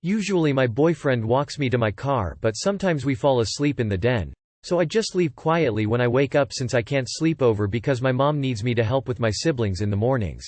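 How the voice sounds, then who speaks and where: A man narrating online forum posts aloud in a steady, scripted reading style. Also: mid-range voice, a little fast, no room sound.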